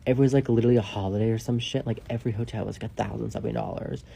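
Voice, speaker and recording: A man telling a casual storytime, rambling and swearing, leaning on "like" and dropping into hushed asides. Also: fairly low pitch, fairly even intonation, rapid-fire, vocal fry, a little hiss or hum. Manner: rambling, profane, heavy use of "like"; drops to a hushed whisper for asides.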